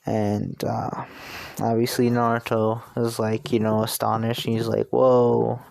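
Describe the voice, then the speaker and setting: A man's voice: fairly low pitch, monotone, measured pace, vocal fry, darkish tone, no echo. A man with a New Jersey accent telling a fan story in a rambling, casual way with many restarts. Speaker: video creator.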